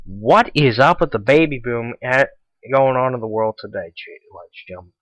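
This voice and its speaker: A man's voice: mid-range voice, expressive, a little fast, a bit bright, no room sound, rough recording. A teenage boy hosting a casual school radio show, rambling and repeating himself as he chats. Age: teens. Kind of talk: casual solo radio talk.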